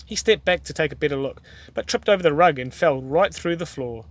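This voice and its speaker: A man with a New Zealand accent reading a children's picture book aloud, gently and expressively. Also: fairly high pitch, lively intonation, a little fast. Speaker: storyteller dad.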